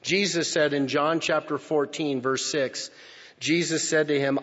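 A male pastor preaching a sermon, slow and emphatic, swinging from loud declarations to hushed near-whispers. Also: a little high, steady tone. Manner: slow, emphatic phrasing with pauses. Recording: lo-fi with long hall reverb.

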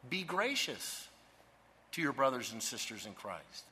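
A man preaching a sermon with emphasis, pausing to ask the congregation to fill in words. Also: medium pitch, very animated, bright, forceful tone, slight background noise. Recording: long hall reverb.

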